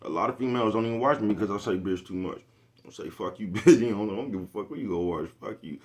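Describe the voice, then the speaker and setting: A man's voice: on the low side, fast. A young man rambling in a casual vlog monologue, laughing often and swearing heavily. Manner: laughs often, crude slang, keeps asking "you know what I'm talking about". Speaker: vlogger.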